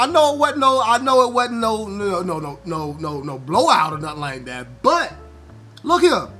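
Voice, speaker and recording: Man, vlog host, slightly high voice, teasing, faint music behind. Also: unhurried. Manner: loud trash-talking teasing, rising high when excited; relaxed and conversational when explaining. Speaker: vlogger host. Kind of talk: casual chat to the camera.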